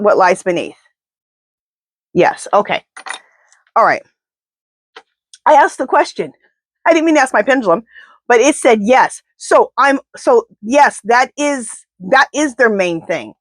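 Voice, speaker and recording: A woman's voice: on the high side, very animated, measured pace, long pauses, no echo. Woman doing a chatty tarot read, blunt and fired up, dry close sound. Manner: talks to her spirit guides and pendulum, blunt and indignant. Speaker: tarot reader. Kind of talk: casual tarot reading monologue.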